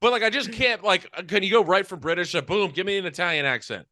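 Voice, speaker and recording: Co-host: young man, high bright voice, jokey interjections, very dry mic. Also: dry recording. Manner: wisecracking, quick interjections. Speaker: podcast co-host. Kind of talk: casual comedic chat.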